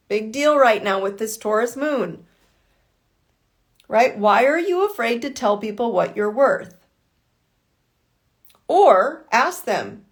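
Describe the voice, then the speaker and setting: A woman's voice: a little high, lively intonation, slow, long pauses. A woman life coach giving a blunt motivational talk on a live call, swearing and firing off rhetorical why questions.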